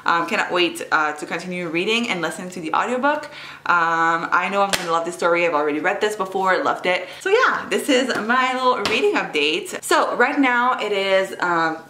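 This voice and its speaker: A woman's voice: on the low side, animated, normal speed, noisy background. A young woman chatting casually in a reading vlog, with frequent ums and likes. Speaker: book vlogger.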